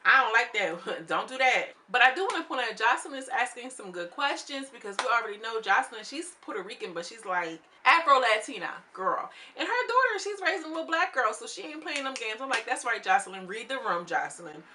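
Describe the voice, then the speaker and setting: A young woman recapping a reality show in casual chat, sassy and animated, acting out what each cast member said. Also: on the high side, a little fast, few pauses, a little hiss or hum.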